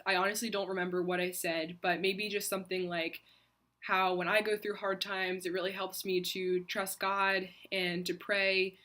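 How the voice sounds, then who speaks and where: Young adult woman, mid pitch, earnest reflective storyteller, casual vlog delivery with pauses. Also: a bit bright. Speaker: faith vlogger. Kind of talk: personal storytelling.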